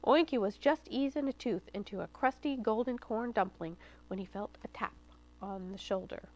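A woman, a children's librarian, reading a story aloud at storytime in a lively, expressive way. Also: mid-range voice, moderate pace, rough recording. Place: studio taping for local cable TV.

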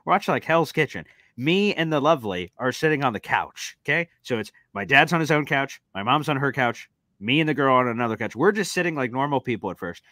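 A man hosting a live show, telling an awkward personal story in a lively, animated way. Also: medium pitch, fairly quick, no room sound. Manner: animated, acts out voices in his anecdotes. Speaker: show host. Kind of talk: casual chat.

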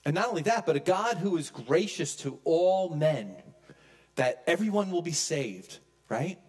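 A man preaching a sermon as pastor, emphatic, swinging from loud peaks to hushed low lines. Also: lively intonation, a little slow. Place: church.

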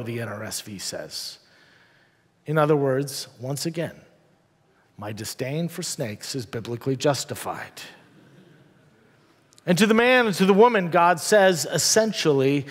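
A male pastor preaching a sermon in a church, telling the story with dramatic pauses and wry asides. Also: a little high. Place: church sanctuary. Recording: long church reverb.

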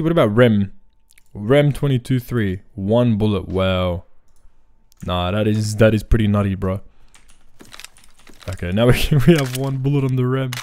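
A young man giving casual, excitable gameplay commentary full of slang. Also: medium pitch, dry recording, studio quality. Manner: excitable, slangy, says "bro" constantly. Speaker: gaming video creator.

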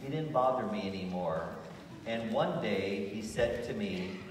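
A priest telling a childhood story at a children's Mass, acting out the quoted lines with lively changes in voice. His middle-range voice rings through a large church with a long echo. He is far from the mic, with steady room noise behind him. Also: lowish voice, moderate pace. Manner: animated storytelling with acted quotes. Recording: echoey church from far off with ambience.

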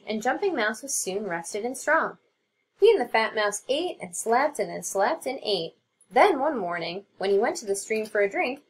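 A woman teacher narrating a children's storybook aloud in an expressive reading. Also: on the high side, breathy edge.

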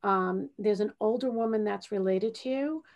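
Woman medium hosting a podcast interview, gentle and reassuring as she gives a reading. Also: mid-range voice, moderate pace, lo-fi sound. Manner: gentle, reassuring, checks in with "okay?". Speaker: host, spiritual medium.

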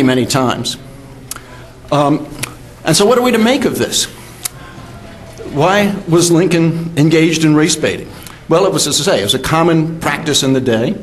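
An older man, a history professor, giving a measured academic lecture with fillers and self-corrections. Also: medium pitch, slight background noise. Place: symposium hall.

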